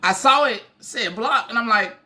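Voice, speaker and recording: A woman's voice: fairly high pitch, normal speed, sharp tone. A woman hosting a casual livestream, reacting with laughter and bewildered repeated questions. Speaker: livestream host.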